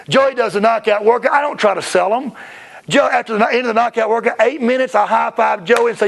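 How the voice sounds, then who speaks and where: A man presenting at a seminar in a chatty way, often acting out short scenes. His voice sits high and has a gravelly edge to it. He talks loosely, with restarts and asides to the room. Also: expressive, a bit bright. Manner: chatty, acts out kids and parents in quick bits. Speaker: martial arts school owner presenting. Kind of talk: seminar talk to school owners.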